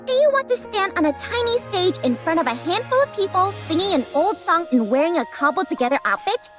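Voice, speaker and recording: A woman's voice: very high voice, sing-song, fairly quick. An actress voicing a fiery, pushy young woman manager who talks in an indignant, bossy way. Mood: determined. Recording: game dialogue over music.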